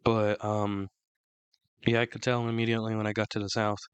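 A man co-hosting a podcast in casual, opinionated chat, rambling with many restarts, his throat still rough from flu. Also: lowish voice, monotone, fairly quick, no echo, lo-fi sound. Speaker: podcast co-host.

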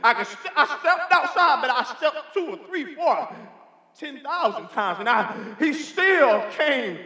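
A man's voice: extremely high pitch, lively intonation, a little slow, sharp tone. A man preaching a sermon in a church sanctuary, fervent and emphatic, calling out hallelujah and amen. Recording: reverberant church hall.

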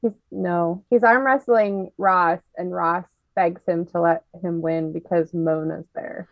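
A woman's voice: lowish voice, fairly even intonation, unhurried, dry recording, dull audio. A woman co-hosting a podcast in casual chat, chatty and giggly as she quizzes her co-host.

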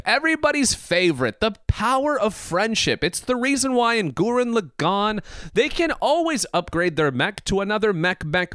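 An excitable male podcast host with a fairly high voice that swings up and down all over the place as he rants. He laughs, swears and slips into mock voices. The sound is smooth and resonant, close and dry with no room echo. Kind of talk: casual anime podcast rant.

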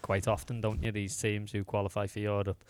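A man's voice: lowish voice, little pitch movement, a little mellow, slight background noise. A man on a football podcast panel, teasing the others and giving his opinion on upcoming games. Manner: teasing, then measured analysis. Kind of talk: casual chat and football analysis.

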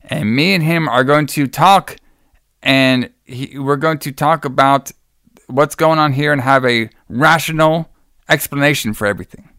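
A man's voice: on the high side, a little slow, fairly bright tone, dry recording, studio quality. A man quoting an impatient skeptical doctor. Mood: insistent.

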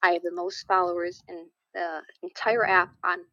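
A woman's voice: lowish voice, little pitch movement, normal speed, sharp tone, dry recording, highs cut off. A woman from upstate New York, a singer and live streamer, talking about herself upbeat and enthusiastically as a guest. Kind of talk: casual interview.

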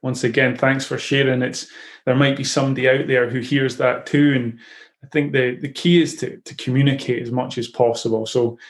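Male host, coach type, mid-pitched, thoughtful and stop-start. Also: level tone. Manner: reflective, halting with frequent restarts. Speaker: podcast host and football coach. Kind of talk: casual interview.

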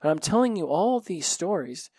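A man's voice: high-pitched, big pitch swings, normal speed, a little mellow, breathy edge, no room sound. A man hosting a solo podcast, talking in a frank, reflective way and swearing freely. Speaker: podcast host. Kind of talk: candid solo podcast monologue.

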